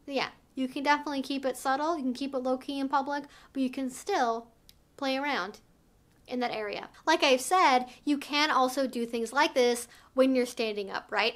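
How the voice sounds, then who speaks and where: A woman's voice: sits high, fairly bright tone. A woman giving frank, casual advice as a vlogger, emphatic and direct, peppering her talk with "like" and "right?". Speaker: sex educator vlogger.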